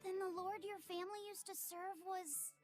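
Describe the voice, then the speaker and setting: A woman's voice: very high voice, steady tone, moderate pace, soft background music. A woman voicing a playful, mocking young witch in a video game. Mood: teasing. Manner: mocking, sing-song.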